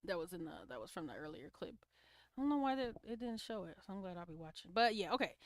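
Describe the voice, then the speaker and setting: A woman's voice: on the low side, expressive, fast talker, dry recording, clean studio sound. A woman hosting a casual livestream, giving opinionated commentary on clips and reacting to viewer comments. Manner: opinionated, talks back to chat comments.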